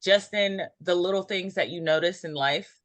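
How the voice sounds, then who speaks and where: A woman giving an intuitive numerology reading in a casual group chat, meandering and filling pauses with ums. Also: fairly low pitch, no room sound. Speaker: numerology reader.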